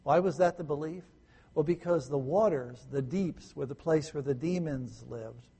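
Male pastor, sermon, slightly high voice, rhetorical questions, loud peaks and hushed lines. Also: moderate pace, slightly rough. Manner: dynamic preaching, swings from loud emphasis to hushed soft tones; asks the listeners rhetorical questions.

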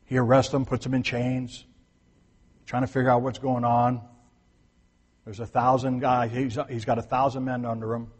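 A man's voice: medium pitch, little pitch movement, normal speed, pauses often, husky, in a large hall. A man preaching a sermon in a conversational way, repeating his points for emphasis and restarting sentences. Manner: restarts and corrects himself mid-sentence. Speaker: pastor.

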